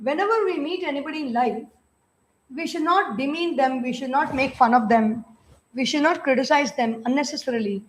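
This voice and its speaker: A woman with an Indian English accent giving a scripture discourse, chanting verses slowly in a sung tone and then explaining them in a conversational way. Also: high voice, a little hiss or hum.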